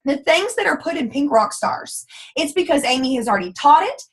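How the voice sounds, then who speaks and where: A woman's voice: high voice, very animated, fairly quick. A woman leading a motivational team call, emphatic and folksy, blunt and down-to-earth as she coaches her team. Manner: emphatic, acts out quoted voices. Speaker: team leader coaching sales ambassadors.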